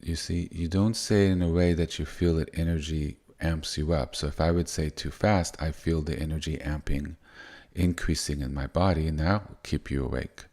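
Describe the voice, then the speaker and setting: A man giving soft-spoken, unhurried spiritual teaching, often restarting his sentences. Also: rumbling low, fairly even intonation.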